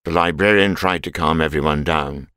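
A man narrating a simple storybook in a clear, measured reading voice. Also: extremely low pitch, pushed and bright, dry recording, clean studio sound.

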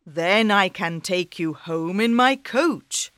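A woman's voice: medium pitch, animated, takes it slowly, a bit bright, no room sound. A woman voicing a kind, polite king in a storybook, formal and gracious. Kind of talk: storybook reading.

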